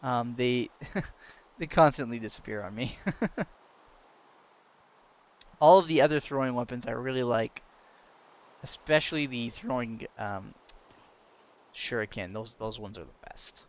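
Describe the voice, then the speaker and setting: A young man giving casual gameplay commentary, excitable, laughing and yelping when danger comes, chatting to the game's creatures. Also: mid-range voice, measured pace, long pauses. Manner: excitable, yelps and laughs at danger, talks to game mobs. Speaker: gaming commentator.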